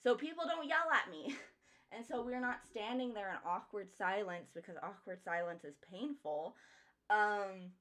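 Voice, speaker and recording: A woman's voice: mid-range voice, moderate pace, pushed and bright. A young woman streamer chatting casually while she draws, telling a work story with frequent swearing and laughter. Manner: chatty, swears often, laughs between lines. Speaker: streamer and artist.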